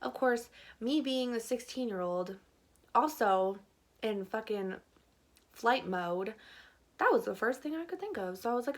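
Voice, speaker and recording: A woman's voice: on the high side, animated, unhurried, pauses often. Chatty young woman telling a storytime. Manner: chatty, laughing, filler-heavy storytelling. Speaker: vlogger. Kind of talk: storytime vlog.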